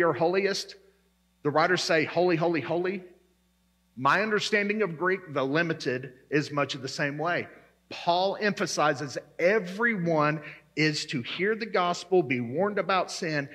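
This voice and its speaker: A man's voice: high-pitched, bright, forceful tone. A man preaching a sermon as pastor, emphatic and repeating his key words.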